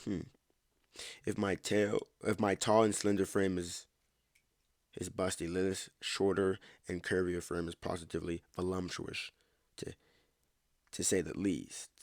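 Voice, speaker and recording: Man, very low and gravelly, reading a story aloud with asides, dry close sound, keeps tripping and rereading. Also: little pitch movement, unhurried, pauses often, no echo. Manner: stumbles, rereads lines and comments on the text. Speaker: story reader and podcast host.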